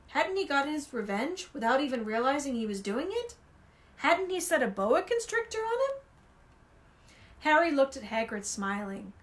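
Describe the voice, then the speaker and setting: A woman reading a novel aloud with expressive, animated storytelling. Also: high voice. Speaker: reader.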